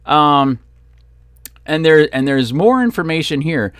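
Furious ranting man, lively pitch. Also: measured pace, smooth, no echo. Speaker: copwatch vlogger. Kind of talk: angry ranting commentary.

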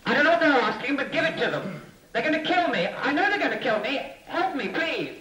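A man's voice: very high-pitched, very animated, brisk, pushed and bright, exaggerated voice. An actor playing a terrified man pleading for his life on a tape recording played in court, his voice strained and desperate. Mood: pleading, panicked. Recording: distant echoey tape playback with faint hiss.

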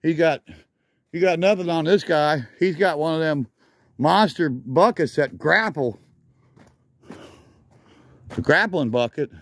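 A man's voice: a little high, a little slow, long pauses, fairly bright tone, no echo. A man walking around outdoors filming a junkyard, rambling enthusiastically as he names vehicles, a little out of breath. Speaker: vlogger. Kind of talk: casual walk-around commentary.

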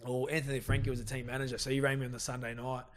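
Fast-talking Australian man, rambling chat. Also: medium pitch, little pitch movement. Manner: rambling, swears freely, many restarts. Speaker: professional rugby league player. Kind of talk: casual chat.

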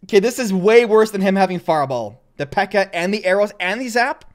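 A young man hosting a gaming channel, giving gameplay commentary and jumping to loud, excitable outbursts. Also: high voice, a little fast.

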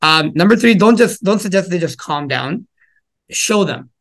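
A man's voice: high-pitched, lively intonation, moderate pace, fairly bright tone. A man giving a casual talk to parents on listening to children, acting out little exchanges between parent and child as he goes. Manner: conversational, acts out parent and child quotes. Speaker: parenting workshop speaker.

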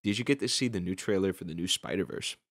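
A man's voice: low-pitched, quick pace, no echo, studio quality. A young man hosting a casual podcast, telling rambling stories full of fillers and restarts. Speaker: podcast host.

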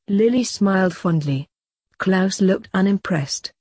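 A woman reading fanfiction aloud in a steady storytelling voice. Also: on the low side, normal speed, breathy edge, no room sound. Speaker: fanfiction reader.

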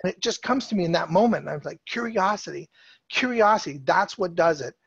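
A middle-aged man with a slightly high voice tells a story to a room, loose and conversational, piling up fillers and restarts as he goes. The sound is dry and close, a bit dull and lo-fi. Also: expressive, fast, creaky, breathy edge, no echo. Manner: casual, chatty, many fillers and restarts. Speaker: speaker telling a personal story. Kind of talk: storytelling talk to an audience. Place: presentation stage.

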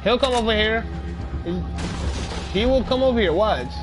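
Excitable high-voiced man yelling at a game. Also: moderate pace. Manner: excitable, yells and trash-talks at the game. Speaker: gaming channel host. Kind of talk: let's play commentary. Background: game music.

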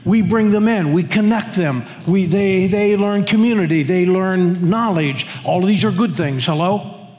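A man's voice: sits high, measured pace, darkish tone, long reverb tail. A male pastor preaching a sermon emphatically, often restarting his phrases. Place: church sanctuary.

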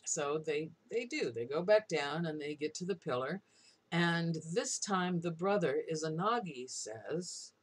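A woman's voice: low voice, measured pace, slightly rough. A woman lecturer retelling an old myth to a class in a casual storytelling way, with frequent ums and asides.

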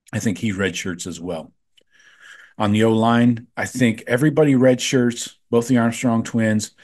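A man's voice: fairly low pitch, darkish tone. A man hosting a sports podcast, chatting casually with lots of fillers and frank opinions. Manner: offhand, filler-heavy, gives frank opinions.

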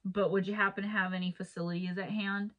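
A woman's voice: mid-range voice, flat delivery, fast talker, dull audio, natural voice. A woman voicing a tipsy, jovial young male outlaw with a put-on rural drawl and courtly, grinning manners.

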